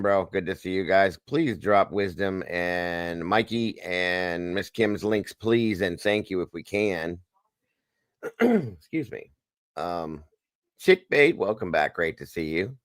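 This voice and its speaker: A man with a low voice hosts a casual live stream. He greets viewers one by one and plugs their channels in a jokey, upbeat way. The sound is dry and close to the mic. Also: lively intonation, takes it slowly, no echo. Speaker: livestream host.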